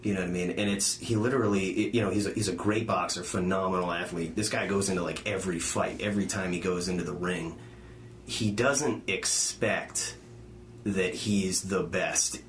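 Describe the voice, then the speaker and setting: A young man with a fairly low voice talks in loose, casual podcast chat. He rambles, restarts his sentences and laughs often. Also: steady tone, normal speed, reverberant. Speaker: podcast co-host.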